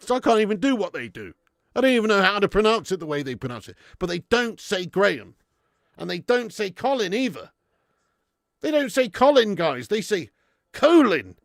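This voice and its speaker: A man's voice: high voice, creaky, fairly bright tone, no echo, clean studio sound. A man hosting a live stream, bantering with viewers in casual, sweary chat and laughing often.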